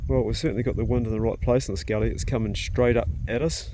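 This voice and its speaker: Background noise fills this clip of a man speaking fast at a medium pitch in a steady tone. A casual vlogger, he rambles chattily outdoors and inside his truck, talking to his dogs along the way.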